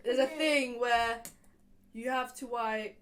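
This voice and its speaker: A woman's voice: fairly high pitch, slow pace, a crowd in the background. A young woman chatting casually, telling a story with giggles and animation. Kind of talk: casual chat.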